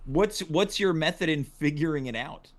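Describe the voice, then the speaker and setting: A man's voice: fairly high pitch, normal speed. A man hosting a comedy talk show, wry and teasing, with a dry conversational delivery. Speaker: host.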